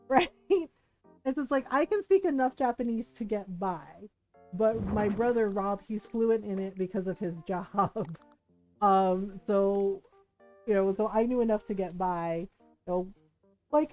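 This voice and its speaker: A woman's voice: a little high, rough recording. A woman streamer telling a story in casual chat while she plays, laughing often and acting out what people said. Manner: animated, laughs often, acts out quotes.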